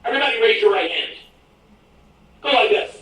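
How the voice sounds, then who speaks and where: A man teaching a real estate class, telling stories with energetic, emphatic delivery and loud exclamations. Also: very high-pitched, a little fast. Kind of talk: animated classroom lecture with stories. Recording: echoey video played in a room, from far off.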